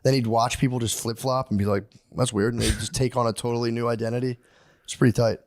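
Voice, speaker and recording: A man's voice: medium pitch, little pitch movement, fast. A man in his thirties co-hosting a podcast in casual chat, rambling and profane, acting out quotes in put-on voices. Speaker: podcast co-host.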